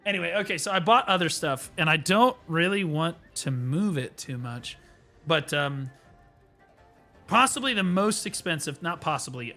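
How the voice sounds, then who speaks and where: A man's voice: on the high side, bright, forceful tone. A young man streaming, telling a story to his viewers in a casual, profane way full of fillers.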